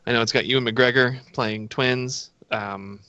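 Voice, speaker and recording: Male podcast guest, bright sharp tone, halting delivery, dry lo-fi mic. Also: medium pitch, fairly even intonation, dry recording. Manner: hesitant, lots of ums and uhs. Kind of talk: casual chat.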